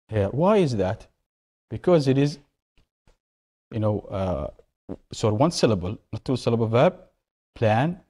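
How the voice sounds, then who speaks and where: A man's voice: mid-range voice, dark tone. A man teaching an English grammar lesson, asking questions and answering them himself while repeating key words.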